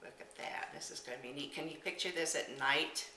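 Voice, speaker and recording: A bright, chatty woman walks through a craft demo, exclaiming as she works. Her voice sits a little low and comes from slightly off-mic in an echoey room. Faint clinks of glassware sound behind her. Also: brisk, distant mic, a little hiss or hum. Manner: chatty, enthusiastic, exclaims while working. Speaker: craft demonstrator. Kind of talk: casual product demonstration. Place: indoor room.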